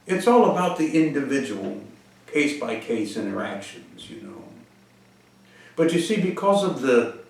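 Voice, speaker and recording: A man hosting a deadpan comedic monologue and answering viewer questions. He uses pompous, formal wording broken by frequent hesitant "uh" pauses. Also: medium pitch, creaky. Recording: very echoey room, mic far off.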